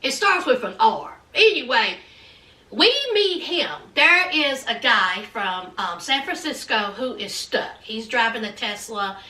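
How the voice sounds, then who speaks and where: A woman's voice: fairly high pitch, lively intonation, a little slow, sharp tone. A woman giving a chatty, sassy show recap, calling her viewers honey and child. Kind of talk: casual gossipy recap. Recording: roomy echo, mic at a distance.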